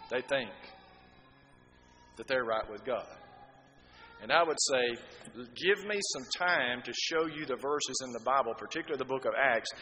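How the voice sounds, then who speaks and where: Emphatic preacher man in a reverberant hall. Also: a little high. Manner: emphatic, swings from quiet to loud. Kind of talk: sermon. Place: church hall.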